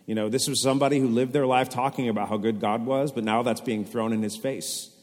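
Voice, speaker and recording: A man, preaching a sermon to his congregation in a casual, conversational and expressive way. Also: medium pitch, fairly quick. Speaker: pastor. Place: church sanctuary. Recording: long reverb of a church hall.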